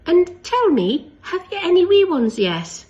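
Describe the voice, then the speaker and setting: A man's voice: very high-pitched, big pitch swings, unhurried, darkish tone, muffled recording, voice pushed up, full character voice. A man reading a joke aloud in a put-on Irish accent, voicing both a priest and a wife. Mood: jokey.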